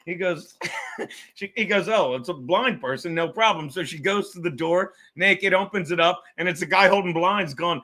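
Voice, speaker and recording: A man's voice: high-pitched, normal speed. A man hosting a podcast, telling a comedy story with lots of swearing and acted-out quotes. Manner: animated, profane, acts out quotes. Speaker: podcast host.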